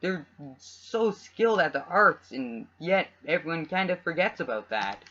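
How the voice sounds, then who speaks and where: A man's voice: fairly high pitch, big pitch swings, measured pace, pushed and bright. A young man from Canada co-hosting a casual podcast, rambling and restarting his sentences often. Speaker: podcast co-host. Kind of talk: casual chat. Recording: dull lo-fi home recording.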